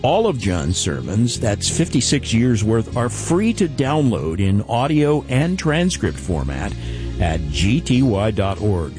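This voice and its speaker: A man hosting a Bible teaching radio program, announcing and reading offers in a smooth announcer delivery. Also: mid-range voice. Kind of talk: radio broadcast announcing and interview.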